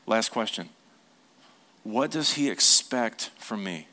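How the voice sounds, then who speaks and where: A man preaching a sermon as a pastor. He asks the congregation questions, repeats them, and drops to a hushed tone for tender points. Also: fairly low pitch, animated, slow.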